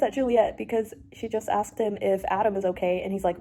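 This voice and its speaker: A woman's voice: medium pitch, fairly even intonation, a little fast, few pauses, dark tone. A young woman in her twenties chatting casually about a novel she is reading, with frequent fillers and exasperated reactions. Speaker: book vlogger.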